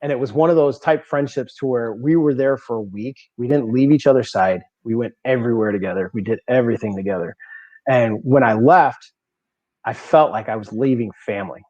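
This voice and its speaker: A warm-toned man with a medium pitch and slightly fast delivery shares stories on a bowling podcast. As a guest, he's casual and animated, laughing frequently and repeating words, captured on a dry, slightly dull lo-fi recording.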